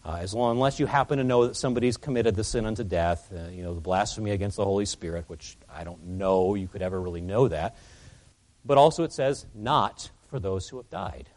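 A man's voice: fairly low pitch, fast, a little mellow. A man preaching an expository sermon as pastor, earnest and emphatic, his voice rising and falling as he presses his points.

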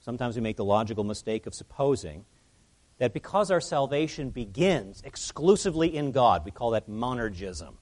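A man's voice: mid-range voice, expressive, normal speed, a little mellow. A man preaching an expository sermon as pastor, earnest and emphatic, his voice rising and falling as he presses his points.

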